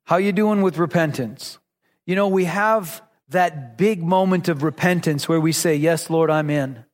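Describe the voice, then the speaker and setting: A man's voice: high-pitched, moderate pace, big-room sound. A man in his forties preaching a sermon in an earnest, emphatic, conversational way.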